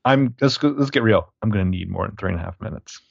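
A man co-hosting a casual film review chat, talking in a halting way full of fillers. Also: on the low side, creaky, no room sound, lo-fi sound. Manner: conversational, halting, frequent fillers. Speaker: podcast co-host.

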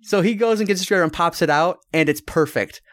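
A man's voice: sits high, quick pace, a bit bright. A man from Michigan co-hosting a podcast, telling a long story in a rambling, casual way, swearing freely and restarting his sentences. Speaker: podcast co-host.

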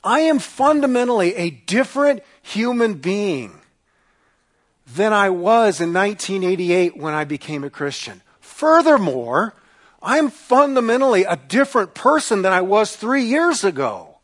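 A man's voice: high-pitched, big pitch swings, a little slow, fairly bright tone. A middle-aged male pastor preaching a sermon, emphatic and given to repeating his key lines.

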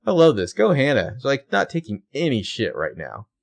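An animated male podcast co-host recapping a show, his voice jumping around in pitch as he tells the story. He talks casually, swears easily and acts out bits of the scenes. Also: fairly quick, gravelly.

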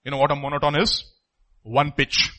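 A pastor preaching a sermon emphatically, his voice swinging from loud outbursts to hushed asides. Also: on the high side, flat delivery, normal speed.

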